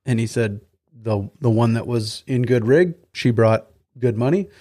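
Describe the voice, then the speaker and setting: A man's voice: mid-range voice, measured pace, warm tone. A man hosting a podcast interview in an easygoing, folksy way, laughing often. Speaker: podcast host.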